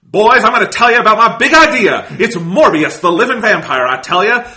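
A man putting on a stupid old-timey voice as a young creative pitching a movie. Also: expressive, fairly quick, sharp tone, full character voice. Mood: brash.

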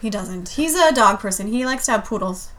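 A woman co-hosting a podcast in casual chat, matter-of-fact and gently correcting her partner. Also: medium pitch, lively intonation, a little fast. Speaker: podcast co-host.

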